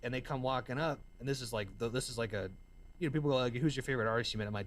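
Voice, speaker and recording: A man's voice: medium pitch, very fast, a little hiss or hum. A man from the American South, telling stories in casual slang as an interview guest. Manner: excitable storyteller, slangy, says man and dude. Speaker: guest, musician and entrepreneur.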